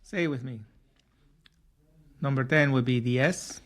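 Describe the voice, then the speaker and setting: A man's voice: medium pitch, a little slow, a bit bright. A man teaching a spoken lesson for learners, patient, repeating and drilling each word. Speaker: language teacher.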